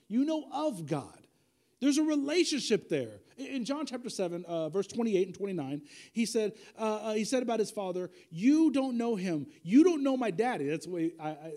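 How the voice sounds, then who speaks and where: A male pastor preaches with a high voice that swings widely in pitch, rising for emphasis and dropping low for quiet asides. His tone is mellow and warm. He talks conversationally and repeats key lines to drive them home. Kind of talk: sermon.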